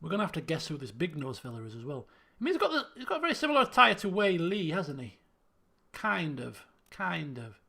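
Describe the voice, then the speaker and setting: A man's voice: on the high side, huge pitch swings, fairly quick, vocal fry, pushed and bright, breathy edge. A man streaming a game, thinking aloud in casual commentary and repeating himself as he works things out. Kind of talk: casual let's-play commentary.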